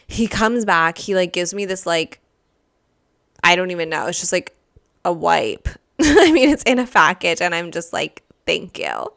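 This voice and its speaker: Rambling, animated young woman storyteller. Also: on the low side, unhurried, gravelly. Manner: animated, rambling, heavy "like" fillers, swears, acts out quotes. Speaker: podcast host. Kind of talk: casual storytelling monologue.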